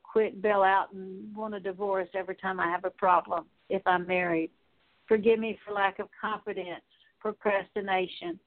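A woman Bible teacher leading a slow, halting spoken prayer with many pauses and fillers. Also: medium pitch. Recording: tinny phone-like audio.

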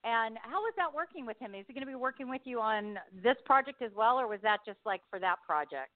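A woman hosting an interview, friendly and quick to react with laughs and short replies. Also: on the high side, lively intonation, no room sound. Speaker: interview host. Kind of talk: casual interview chat. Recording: tinny dry phone line.

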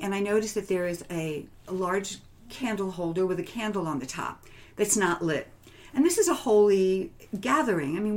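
In a heartfelt interview, a transformational coach appears as a guest and tells personal stories gently and reflectively, her voice on the low side. She often sinks into a hushed whisper and laughs lightly.

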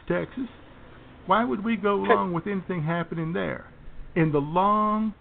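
A man's voice: on the high side, gravelly, a little hiss or hum. A man voicing a blustering right-wing male radio pundit who rants with sneering pomposity, recorded on a tinny phone-like line.

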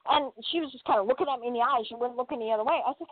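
Chatty actress on a tinny phone line. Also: female voice, a little high, very fast, no room sound. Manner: animated, full of fillers, acts out loud quoted voices. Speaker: guest actress. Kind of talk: casual podcast storytelling.

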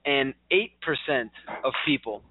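A man's voice: mid-range voice, animated, unhurried, slightly rough, dry recording. A man hosting a casual talk show, chatty and upbeat. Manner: chatty, upbeat, many fillers and restarts. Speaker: show host. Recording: dry, tinny phone-like line.

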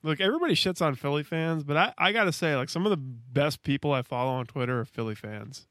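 A man's voice: on the high side, fast talker, a bit bright, no echo, clean studio sound. A man co-hosting a casual sports podcast who jokes and teases, laughing often. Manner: joking, laughs often, teasing. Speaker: podcast co-host.

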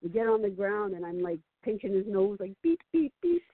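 A woman's voice: mid-range voice, brisk, very noisy. A woman guest on a phone-in chat show, telling stories with lots of laughter and acted-out quotes. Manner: animated storyteller, laughs often, acts out quotes. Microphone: phone call. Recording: tinny phone line, dry.

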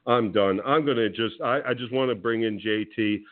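A man's voice: lowish voice, normal speed. A male talk radio host ranting combatively at a rival, then welcoming his co-host. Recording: phone-line audio.

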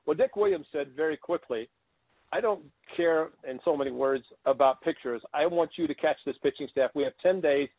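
An older man with a slightly high voice spins animated stories as an interview guest, slipping into the voices of the people he quotes. The sound is thin and tinny, like a phone line, and dry, with no room around it. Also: normal speed, breathy edge, no room sound. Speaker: guest, former baseball catcher. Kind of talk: storytelling interview.

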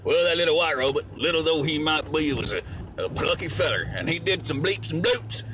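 A man's voice: on the high side, animated, brisk, bright, forceful tone, a little hiss or hum, pitched above the performer's own voice. A man voicing a rambling rural Southern storyteller in a put-on drawl, spinning a comic tall tale and correcting himself as he goes. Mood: folksy.

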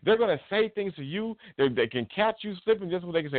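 A man's voice: sits high, fast talker, no room sound. A man co-hosting a radio talk show, telling stories in casual talk and acting out what others said. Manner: expressive storyteller, acts out quotes, restarts often. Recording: tinny phone-like, dry.

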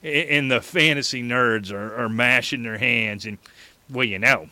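A man hosting a fantasy football show who rants in an animated way and laughs often. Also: medium pitch, unhurried, no room sound. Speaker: fantasy sports show host. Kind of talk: casual sports talk.

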